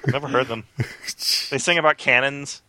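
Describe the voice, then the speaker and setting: A man in casual chat, making wry deadpan jokes. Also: mid-range voice, moderate pace.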